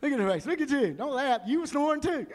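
Lively high-voiced preacher. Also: male voice, fast talker, a little hiss or hum. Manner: animated storytelling, acts out people. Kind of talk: humorous sermon.

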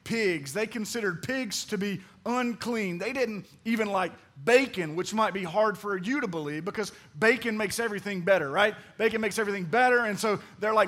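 A man's voice: high voice, brisk, few pauses, a bit bright. A man preaching a sermon, calling on the congregation to answer back and acting out the voices in his stories. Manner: preaching with call-and-response to the congregation; dramatic, acts out quoted voices. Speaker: pastor.

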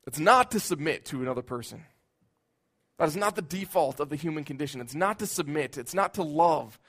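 A man preaching a sermon in an earnest voice, building at times into loud, emphatic outbursts. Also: fairly high pitch, expressive, fairly quick.

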